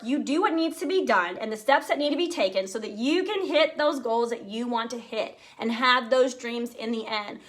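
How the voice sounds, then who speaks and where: A woman who directs a sales team gives an energetic, chatty motivational talk, addressing her listeners directly in a high voice.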